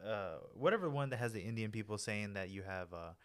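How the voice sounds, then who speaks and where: This is a man co-hosting a laid-back podcast, his voice sitting on the low side. He tells long, meandering stories in loose slang, full of fillers and restarts. The talk is casual and unscripted. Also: animated, fast talker, a bit bright, clear, resonant tone. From United States. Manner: rambling, loose slangy storytelling with many fillers. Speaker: podcast co-host. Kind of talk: casual chat.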